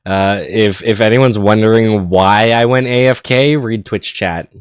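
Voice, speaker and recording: Slightly hoarse excitable male caster. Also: lowish voice, unhurried, dry recording. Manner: excitable, stammering restarts. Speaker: esports caster. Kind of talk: live esports commentary.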